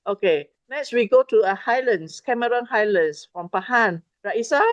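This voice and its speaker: A woman's voice: medium pitch, moderate pace, dry recording, muffled recording. A woman hosting an online youth meeting, chatty and prompting each speaker in turn, on a video call. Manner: chatty, prompting speakers, mixing in Malay words. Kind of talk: casual moderating of a video call.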